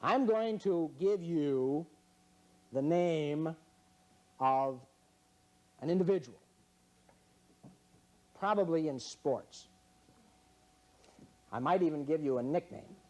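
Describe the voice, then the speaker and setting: A man's voice: fairly high pitch, animated, takes it slowly, pauses often, darkish tone. Wry, teasing male quiz-show host. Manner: wry, teasing, mock-serious. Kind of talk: joking quiz-show hosting. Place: in front of a studio audience.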